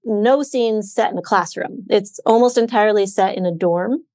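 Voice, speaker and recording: Speaking at normal speed in a mid-range voice, this woman is a co-host of a bookshop podcast who talks casually about books. Her chat is relaxed and full of "um"s and "like"s, with no room sound in the recording.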